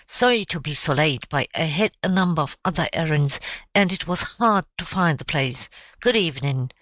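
A woman's voice: low voice, lively intonation, moderate pace, a bit bright, dry recording. A woman voicing a male servant who speaks politely but condescendingly.

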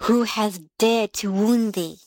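A woman reading a storybook aloud and voicing a huge, remorseful old male giant in a soft, slightly lower voice. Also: takes it slowly, no echo, rough recording.

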